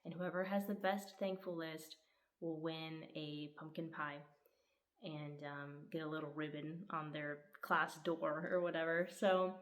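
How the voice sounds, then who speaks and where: A woman's voice: low voice, flat delivery, measured pace, rough recording. A woman chatting casually as she reviews the books she read, often laughing and acting out lines with sudden lifts in her voice. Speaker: book reviewer. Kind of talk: casual book review chat.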